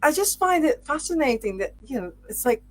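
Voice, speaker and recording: A woman podcast host with a fairly high voice asks her questions in a loose, rambling way. She often stops to search for words and fills the gaps with "like" and "you know.". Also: very animated, a little fast. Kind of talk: casual interview chat.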